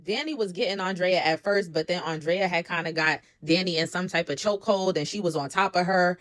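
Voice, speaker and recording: A woman's voice: fairly low pitch, fairly quick, a bit bright, no room sound, studio quality. A woman giving a casual recap of a reality show, chatty and incredulous, with pointed asides. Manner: chatty, incredulous asides, quotes others with slang.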